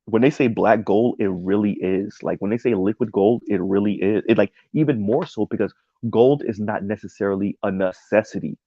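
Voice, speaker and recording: A man's voice: on the low side, brisk, dark tone, slightly rough, dry recording, lo-fi sound. A man giving casual livestream commentary on a video essay, rambling with many ums and tagging his points with "right?". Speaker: streamer reacting to a video essay.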